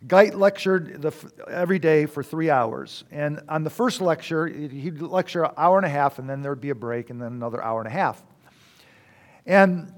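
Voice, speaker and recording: A man speaking to an audience, telling a personal story in a reflective way with halting restarts. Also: fairly high pitch.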